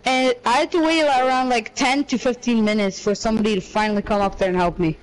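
A man's voice: high-pitched, fairly even intonation, quick pace, clean tone, rough recording. A young man co-hosting a podcast, telling a story in a rambling, exasperated way full of casual slang. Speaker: podcast co-host. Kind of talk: casual chat.

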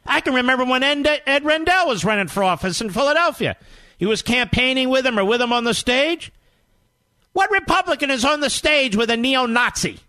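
Combative high-pitched talk radio host man. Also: animated, bright, forceful tone, dry recording. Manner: combative, rapid-fire rhetorical questions; emphatic, rallying. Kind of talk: political talk radio monologue.

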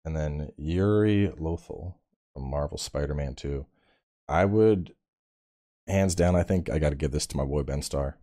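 Male podcast co-host, very deep voice, laid-back and profane. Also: unhurried, dark tone. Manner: laid-back, swears freely, laughs at his own stories. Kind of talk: casual chat.

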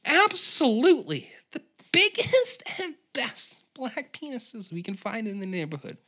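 A man's voice: extremely high pitch, huge pitch swings, a little slow, sharp tone, pitched above the performer's own voice, heavily acted. A man voicing a nervous female restaurant staffer who stammers and then turns crude. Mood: crude gleeful. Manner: stammering, giggly. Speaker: comedy podcast skit character.

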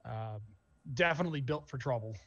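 A man narrating as game master of a tabletop game, casual and halting with many fillers. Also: mid-range voice, a bit bright, lo-fi sound.

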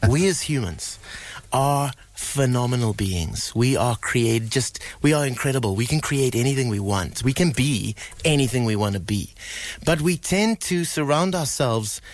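A man's voice: medium pitch, normal speed. A middle-aged man and musician guest telling a story earnestly on live radio, with frequent fillers and restarts. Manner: earnest, animated storyteller with many fillers and repeats.

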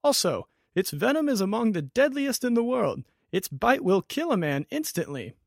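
A man voicing an excitable, fond wizard who gives urgent, rising warnings. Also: mid-range voice, brisk, dry recording, clean studio sound, close to an everyday voice. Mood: alarmed.

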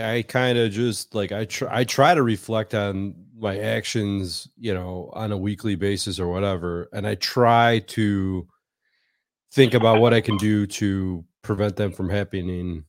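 A man's voice: lowish voice, measured pace, dry recording, studio quality. A man in a casual chat, speaking hesitantly and reflectively, trailing off.

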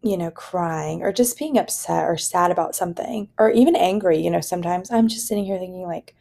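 A woman's voice: lowish voice, a little fast, gravelly, few pauses, mellow. A young woman hosting a solo podcast, talking in an earnest, rambling way with lots of "like" and "you know". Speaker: podcast host. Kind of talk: casual solo podcast monologue.

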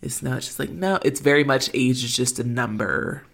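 A woman's voice: a bass voice, moderate pace, creaky. A woman co-hosting a casual recap chat, with lots of fillers and frequent laughs. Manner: filler-heavy, laughs often. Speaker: podcast co-host.

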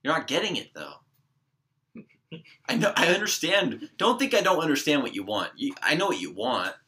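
A man playing a stubborn young male fast-food cashier with flat, dismissive refusals in an improvised comedy bit. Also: a little high, voice pushed up. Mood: smug.

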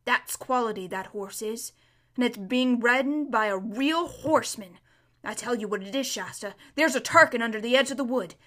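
A proud talking warhorse from a storybook, as a woman reads him, gruff yet fretful. He drops into urgent hushes and sits a little high for a stallion. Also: moderate pace. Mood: wary.

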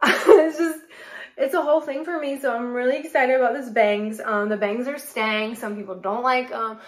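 A woman in her late twenties from North Carolina, hosting a podcast and telling a story in a chatty, animated way full of "like". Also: on the high side, normal speed, echoey room. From North Carolina, USA. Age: late 20s. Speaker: podcast host and model. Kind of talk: casual solo chat.

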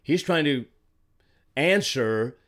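A man's voice: medium pitch, animated, takes it slowly, a bit bright. A man in his sixties from Arizona delivering an indignant political commentary, stressing his points and repeating words when heated. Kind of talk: solo commentary monologue.

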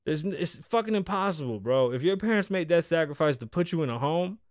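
Riffing on his podcast, this Bronx native speaks a little fast in a slightly high, expressive voice, keeping the freestyle chat loose and profane and ribbing his co-host. It's recorded at studio quality with no room sound.

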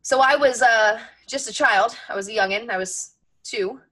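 A woman's voice: on the high side, normal speed, fairly bright tone. A woman in her twenties co-hosting a racing talk show, chatty and self-mocking, with frequent restarts. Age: 20s. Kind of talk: casual sports chat.

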